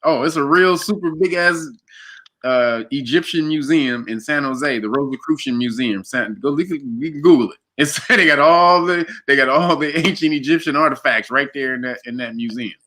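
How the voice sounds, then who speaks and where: A man in casual conversation, telling a long story with lots of laughter and animated quoted voices. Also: normal speed, slight background noise. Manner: animated, laughs often, jumps to high pitch for quoted voices. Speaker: guest.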